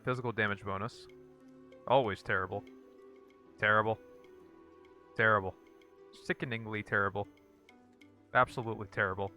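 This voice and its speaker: Male gaming host, bright tense tone, dry repetitive verdicts, faint music underneath. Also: lowish voice, normal speed, long pauses. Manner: repeats one-word verdicts in a dry, flat way. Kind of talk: casual gameplay commentary.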